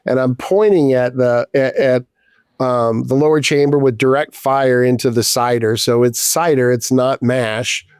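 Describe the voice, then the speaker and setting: A man's voice: mid-range voice, fairly even intonation, unhurried, darkish tone, clear, resonant tone, no echo, studio quality. A man in his fifties, a distiller guest, telling a casual story with a rambling flow, many restarts and casual swearing.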